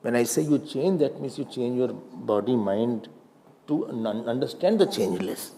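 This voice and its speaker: A middle-aged swami with an Indian accent gives a spiritual discourse on scripture, acting out questions and answers with a student and mixing in Hindi and Sanskrit verses. His mid-range voice is animated, creaky, and dark in tone, at a moderate pace.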